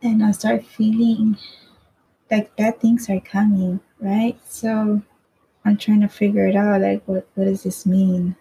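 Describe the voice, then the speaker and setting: A woman's voice: mid-range voice, level tone, unhurried, creaky, mellow, husky, low-quality recording. A woman casually telling a personal story in a rambling way, swearing freely and often asking "right?".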